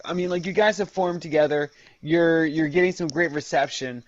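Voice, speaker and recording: A man's voice: fairly high pitch, normal speed, muffled recording. A man hosting a podcast interview in loose casual chat, heavy on fillers and swearing. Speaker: podcast host.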